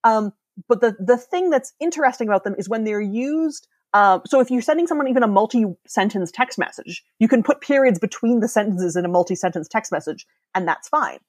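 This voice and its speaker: A woman guest author talking through ideas on a podcast in a casual, explanatory way, with many fillers and quick asides. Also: fairly high pitch, lively intonation, dry recording.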